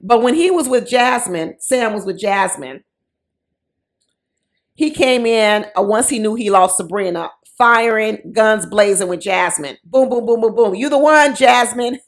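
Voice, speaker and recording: A woman's voice: mid-range voice, measured pace. A woman giving casual, sassy commentary on a reality show, mocking the people in it with quoted voices.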